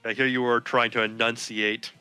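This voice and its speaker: A man's voice: mid-range voice, flat delivery, normal speed, bright, forceful tone, soft background music. A young man co-hosting a let's play, making easygoing, teasing remarks about the game. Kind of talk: casual gameplay commentary.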